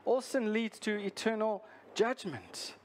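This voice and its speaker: A male pastor preaching a sermon, earnest and deliberate, repeating his key lines for emphasis. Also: high-pitched, big pitch swings, a little hiss or hum.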